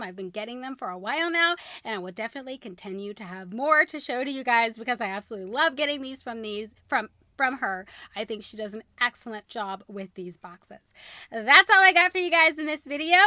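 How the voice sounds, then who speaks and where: Young woman, casual unboxing host; upbeat and chatty, fairly high voice with a lively, swinging delivery. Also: no echo. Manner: chatty and upbeat, addresses viewers as "guys". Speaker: beauty vlogger.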